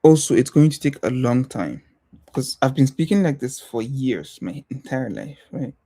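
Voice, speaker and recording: Mellow-voiced man musing on a livestream. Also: medium pitch, very animated. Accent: non-American English accent. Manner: thoughtful, hesitant, many pauses and restarts. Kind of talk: casual reflective livestream talk.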